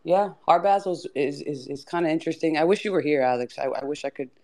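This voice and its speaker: Man with a rough, drink-worn voice. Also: on the high side, fast talker, a little mellow. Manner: rambling, profane storytelling. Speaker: guest speaker. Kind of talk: casual chat on a live audio stage.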